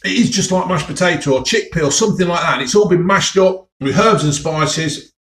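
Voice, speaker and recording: A man's voice: fairly high pitch, brisk, a bit bright, roomy sound. A man with an English Midlands accent chatting casually to viewers as he tastes food for his vlog, enthusiastic and chatty. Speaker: food vlogger.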